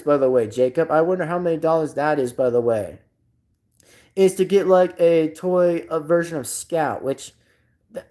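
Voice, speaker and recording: A woman's voice: fairly low pitch, darkish tone. A woman streamer chatting casually on a livestream, rambling and repeating herself, often laughing.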